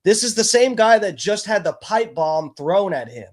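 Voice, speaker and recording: A man's voice: high voice, sing-song, normal speed. A man hosting a live stream, giving profane, mocking, agitated commentary. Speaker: streamer host.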